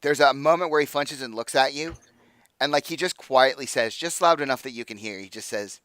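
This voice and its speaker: Smooth-voiced man running a tabletop game. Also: medium pitch, brisk, fairly bright tone, no echo. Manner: loose, filler-heavy narration with many ums and likes. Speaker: dungeon master.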